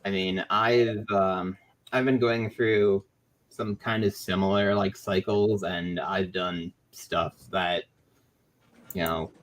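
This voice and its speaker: A man's voice: low-pitched, fairly even intonation, takes it slowly. A man co-hosting a casual movie podcast, talking loosely with lots of "like" fillers. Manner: loose, filler-heavy, says "like" a lot. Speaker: podcast co-host.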